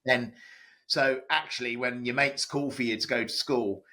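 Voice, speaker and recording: A chatty man tells stories as a podcast guest, his voice bright and forceful. He talks loosely, full of fillers and restarts. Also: mid-range voice, steady tone, moderate pace. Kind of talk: casual podcast interview.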